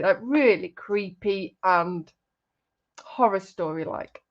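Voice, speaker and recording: Woman, crafting stream host, teasing and chatty, slightly high voice, dull lo-fi audio. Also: expressive, a little slow. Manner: teasing, chatty, breaks into laughter. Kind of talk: casual livestream chat, reading out chat comments.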